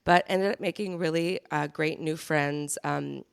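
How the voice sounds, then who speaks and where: Woman, podcast co-host, bubbly storyteller, gravelly voice, dry close mic. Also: low-pitched, steady tone, measured pace, dry recording. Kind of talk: casual chat.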